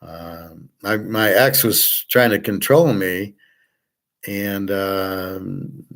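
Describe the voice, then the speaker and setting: A man's voice: deep voice, very slow, gravelly, fairly bright tone. A middle-aged man hosting his own show, talking in a blunt, self-assured, rambling monologue and often repeating words as he rants. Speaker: podcast host.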